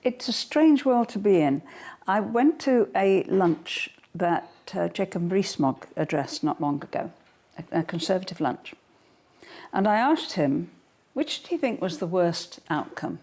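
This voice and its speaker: Woman, older, lowish voice, interview guest, forthright, straight-talking. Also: lively intonation, measured pace, darkish tone. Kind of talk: political interview. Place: at home.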